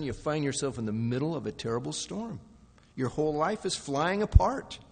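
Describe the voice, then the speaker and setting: A man preaching a sermon with dramatic shifts from soft, low passages to loud, pleading outbursts. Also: in a large hall. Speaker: pastor.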